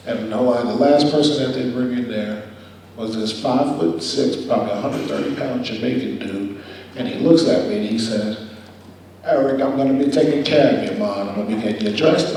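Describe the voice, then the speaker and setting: A young man giving a guest speech, telling a personal story with animated, acted-out quotes. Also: medium pitch, creaky, slight background noise. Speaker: guest speaker. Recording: echoey hall from far off.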